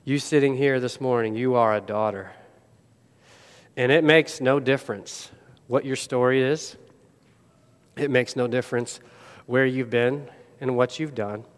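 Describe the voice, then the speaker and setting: A man preaching a sermon as pastor, telling a story dramatically and swinging from loud to hushed. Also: mid-range voice, fairly even intonation, measured pace, long pauses, clean tone. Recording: long hall reverb.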